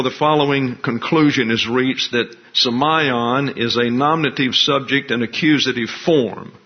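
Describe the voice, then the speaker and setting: A man of middle pitch preaches an expository sermon in a deliberate, explanatory manner. His teaching comes through a dull, lo-fi recording. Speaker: pastor.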